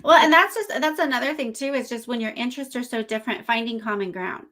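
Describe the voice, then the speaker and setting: Bright-voiced middle-aged woman host. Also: on the high side, fast talker. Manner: chatty, agreeable, lively follow-up questions. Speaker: podcast host. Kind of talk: casual conversational interview.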